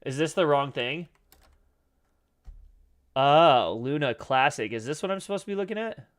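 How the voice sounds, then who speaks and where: This man's voice sits fairly high, with lively intonation and a moderate pace, as he chats through trading charts during a live stream. He's loose and rambling, full of fillers, and curses occasionally. His voice is scratchy and cracking, and he frequently clears his throat.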